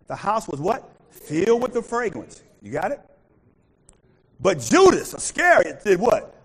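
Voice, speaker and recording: Husky, lively-pitched preaching man. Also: poor audio. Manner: animated preaching, asks congregation to fill in words. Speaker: pastor. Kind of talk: call-and-response sermon.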